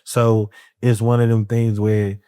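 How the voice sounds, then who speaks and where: A man with a lowish, mellow, warm voice, speaking as a podcast guest in a frank, streetwise way and constantly checking in with his listener. The sound is close and dry, with no room around it. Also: a little slow, clear, resonant tone, no echo. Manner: streetwise talk, keeps asking "you know what I'm saying"; animated and laughing when talking about friends. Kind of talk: candid conversation.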